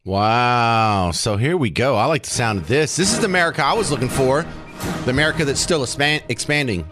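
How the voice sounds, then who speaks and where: A man's voice: medium pitch, animated, a little fast, over music. A man hosting a talk radio show, joking and rambling with sarcastic asides. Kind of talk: casual opinionated radio talk. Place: radio studio.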